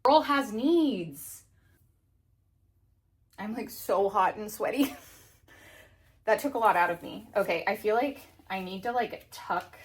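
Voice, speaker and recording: A woman's voice: medium pitch, normal speed. Woman, 30s, casual vlog chat, breathless, giggly, filler-heavy, at home. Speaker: book vlogger. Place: home room with bookshelves.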